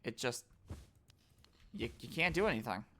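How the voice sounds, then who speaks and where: A woman's voice: a bass voice, normal speed, a little hiss or hum. A woman streaming a video game, talking casually over her play and reading the game's lines aloud. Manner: animated, reads game lines aloud and trying out character voices. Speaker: gaming streamer. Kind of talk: casual let's-play commentary. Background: faint game music.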